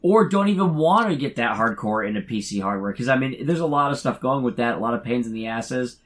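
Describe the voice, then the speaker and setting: Animated and medium-pitched, this podcast co-host talks casually about gaming. He stumbles along with many restarts and filler words.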